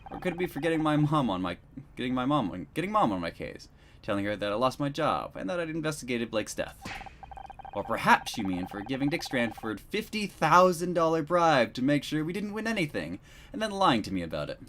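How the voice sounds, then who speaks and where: A man's voice: medium pitch, very animated, a little fast, a bit bright, a little hiss or hum. A man voicing a sarcastic, fiery young woman. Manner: sarcastic and combative. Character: sharp-tongued young adult woman detective, short-tempered.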